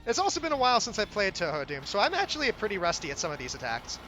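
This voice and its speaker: Lively, high-voiced young man commentating gameplay. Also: racing. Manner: casual, self-deprecating, frequent restarts. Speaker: game developer giving commentary. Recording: game music playing faintly behind.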